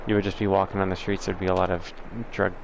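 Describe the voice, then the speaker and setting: Man, livestream host, casual chat, somewhat low pitch, rambling, frank, filler-heavy. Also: completely flat delivery, fast, creaky, a little hiss or hum. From southern United States. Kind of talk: casual chat answering viewers.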